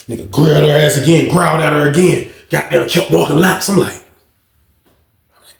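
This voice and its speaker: A man telling a casual storytime, slangy and animated, acting out the people in it with a gravelly voice. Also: fairly high pitch, normal speed, pauses often, echoey room.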